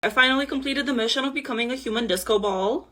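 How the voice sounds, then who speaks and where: A young makeup creator chats playfully with viewers as she talks through her own makeup in casual vlog narration, chatty and self-mocking. Her high, pushed, bright voice moves quickly, with faint music behind her.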